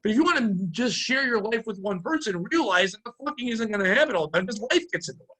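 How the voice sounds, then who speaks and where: A man's voice: high voice, animated, fast, sharp tone. A man in his forties co-hosting a podcast, telling long, rambling, profane stories in casual chat. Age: 40s. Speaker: podcast co-host, comedian.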